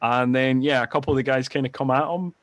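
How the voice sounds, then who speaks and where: A man chats casually as a podcast co-host, retelling movie scenes in a rambling, animated way. His voice sits in a middle pitch. The recording is dry and close, with no room sound. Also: quick pace, no echo. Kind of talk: casual film-review chat.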